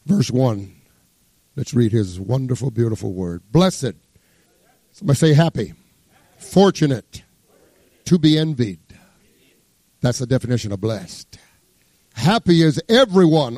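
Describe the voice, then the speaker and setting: A man preaching a sermon as pastor, fervent, swinging between loud exclamations and hushed asides as he reads scripture. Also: fairly high pitch, lively intonation, normal speed, no echo. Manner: exclaims praise words, reads scripture aloud.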